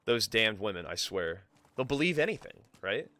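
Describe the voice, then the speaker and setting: A man's voice: lowish voice, big pitch swings, moderate pace, sharp tone, faint music behind. A man streaming a game live, swearing freely and chatting with his viewers and his cat. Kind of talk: live gameplay commentary.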